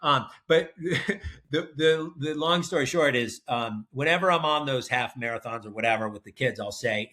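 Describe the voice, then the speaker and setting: Relaxed middle-aged man telling a story. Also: mid-range voice, normal speed. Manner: relaxed storyteller, many ums and uhs. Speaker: guest, researcher and ultrarunner. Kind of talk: casual interview storytelling.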